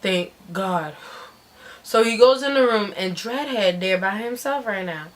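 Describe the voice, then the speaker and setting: A woman giving an animated dramatic reading of a story, swearing freely and breaking into shouts. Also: mid-range voice, measured pace.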